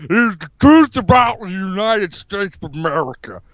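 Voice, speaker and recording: A man's voice: high-pitched, very animated, normal speed, a bit bright, a little hiss or hum, full character voice. A man doing a comedic impression of a paranoid, off-grid ex-wrestler politician, ranting with lots of profanity and repeating himself. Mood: gruff ranting. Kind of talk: comedic impression on a live stream. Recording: dull lo-fi mic.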